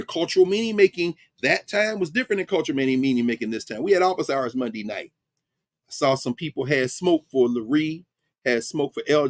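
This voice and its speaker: A middle-aged man giving an informal, conversational lecture as the host of an online class. He is emphatic and animated, with frequent asides. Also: fairly high pitch, dry recording, studio quality. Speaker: professor hosting an online class.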